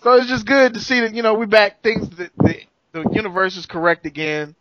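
A man's voice: high-pitched, fairly even intonation, fairly quick, bright, forceful tone, dull audio. A man co-hosting a casual podcast, trading joking, profane banter. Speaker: podcast co-host. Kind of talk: casual chat.

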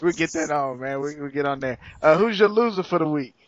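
A man's voice: on the high side, lively intonation, fairly quick, no room sound, muffled recording. A man co-hosting a casual podcast, trading joking, profane banter. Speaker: podcast co-host. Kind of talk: casual chat.

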